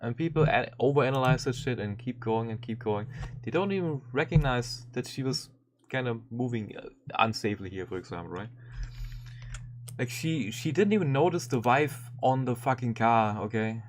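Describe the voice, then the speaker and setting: A man streaming and commenting casually on a video, animated and swearing often, with frequent restarts. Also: mid-range voice, normal speed, slight background noise.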